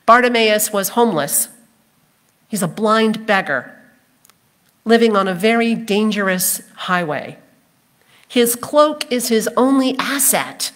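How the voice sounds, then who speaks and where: A woman's voice: medium pitch, animated, slow, pauses often, fairly bright tone. A woman pastor delivering a sermon, telling the story expressively and acting out the crowd's voices. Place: church sanctuary.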